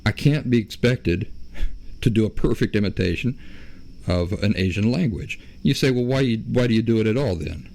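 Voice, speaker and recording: A man hosting a solo podcast, explaining his views in a measured way and often stopping to correct himself. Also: lowish voice, animated, gravelly, darkish tone. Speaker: podcast host.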